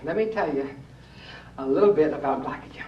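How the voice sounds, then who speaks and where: A man's voice: a little high, a little fast, a little hiss or hum. Folksy man demonstrating exercises, echoey. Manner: folksy, coaxing, asks the audience true or false. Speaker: rebounding exercise instructor. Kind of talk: live fitness demonstration to an audience. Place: room with a live audience. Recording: distant, echoey, dull old room recording.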